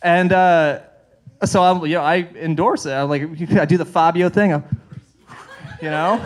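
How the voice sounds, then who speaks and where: A man performs a stand-up set with a high, light voice. He rambles through self-deprecating stories full of fillers and keeps laughing at his own punchlines. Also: lively intonation, unhurried, long pauses. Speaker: stand-up comic. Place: comedy show stage.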